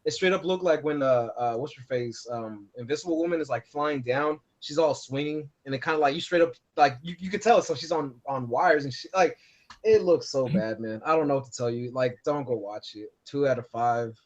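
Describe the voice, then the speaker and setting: A man's voice: medium pitch, a little fast. A man co-hosting a podcast, telling a long, profane movie rant and acting out the lines he quotes. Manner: profane, rambling, acts out quotes. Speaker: podcast co-host. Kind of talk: casual chat. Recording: dull lo-fi podcast audio.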